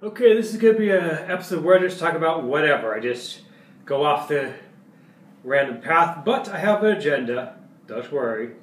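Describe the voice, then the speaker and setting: A male vlogger talking casually to camera in a playful way, jumping between loud outbursts and quiet asides. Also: a little high, expressive, moderate pace, far from the mic. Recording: echoey room, away from mic.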